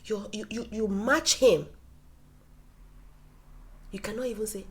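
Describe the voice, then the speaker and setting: A woman giving casual relationship advice to camera. She acts out quoted dialogue and drops into soft whispers for emphasis. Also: medium pitch, fairly even intonation, slow pace.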